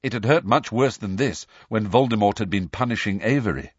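A man reading a novel aloud as an audiobook narrator, measured and even. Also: on the low side, breathy edge, no room sound, lo-fi sound.

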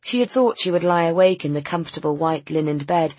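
Woman narrator, low husky voice, measured reading. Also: expressive, a little mellow, dry recording. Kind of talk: audiobook narration.

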